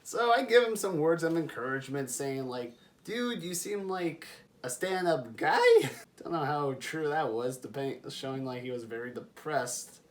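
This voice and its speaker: A man's voice: a little high, normal speed. A young man vlogging, chatting casually as he tells a personal story and laughing along the way. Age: young adult. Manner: animated, chatty, laughs while telling.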